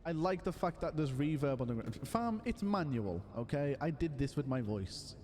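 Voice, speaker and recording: Excitable man streaming a game. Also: fairly high pitch, in a large hall, noisy background. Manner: excitable and playful, loud exclamations and silly voices. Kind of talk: live gameplay commentary.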